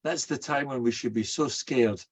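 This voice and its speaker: Husky older rabbi telling stories. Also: male voice, mid-range voice, normal speed. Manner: animated, acts out quoted voices. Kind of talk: storytelling sermon.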